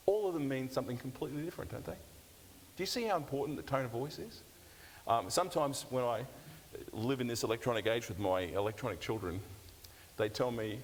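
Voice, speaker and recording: A man's voice: medium pitch, animated, quick pace. An older man, a pastor teaching a seminar session in a conversational, self-deprecating way with light humour. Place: church hall. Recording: long church-hall reverb, faint hiss.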